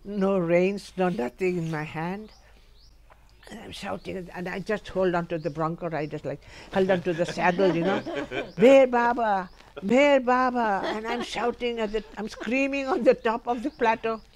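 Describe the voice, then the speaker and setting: An older woman with a medium-pitched voice speaks at a moderate pace, a crowd audible in the background. She's at home, recalling her life through humorous, spirited stories and laughing frequently.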